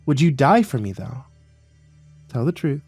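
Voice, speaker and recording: A man voicing a sly woman cult leader who talks in a soft, purring murmur. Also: mid-range voice, very animated, unhurried, slightly rough, faint music behind.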